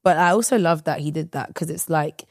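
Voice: medium pitch, fairly quick, no echo, clean studio sound. Slangy, enthusiastic podcast co-host voice. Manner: lively, slangy, enthusiastic, laughs often. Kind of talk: casual Bible study chat.

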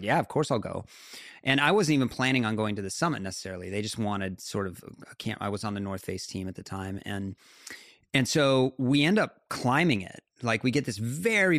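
A man, a guest in a conversation, telling a story in an animated way with quick asides and frequent laughs. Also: fairly low pitch, dry recording, clean studio sound. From United States.

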